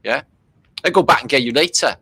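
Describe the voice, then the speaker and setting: Casual host, male, from Britain; bright tone, loose delivery, swears a lot. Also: medium pitch, brisk, breathy edge, no room sound. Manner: loose and chatty, swearing freely, many fillers. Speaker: host commenting on archive war footage. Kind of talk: casual running commentary.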